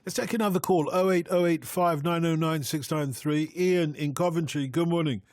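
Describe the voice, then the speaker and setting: A man's voice: a little high, moderate pace, a little mellow, no echo. Male phone-in host, teasing and jokey, dry close studio sound. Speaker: radio show host. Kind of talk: radio phone-in hosting.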